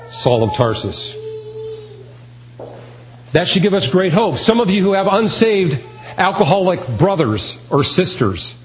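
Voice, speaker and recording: A man's voice: on the high side, poor audio. A man preaching a sermon, earnest and emphatic, repeating key phrases. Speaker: pastor.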